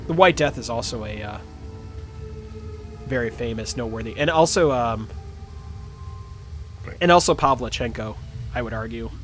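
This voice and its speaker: A man's voice: medium pitch, normal speed, pauses often, faint music behind. A man running and narrating a tabletop game on a livestream, with self-mocking asides. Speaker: game master.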